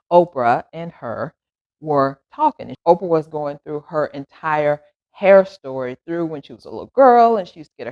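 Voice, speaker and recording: A woman's voice: sits low, a little mellow, muffled recording. A woman in her sixties telling a personal story to her viewers in a casual, rambling way, laughing between thoughts. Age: 60s. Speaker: vlogger.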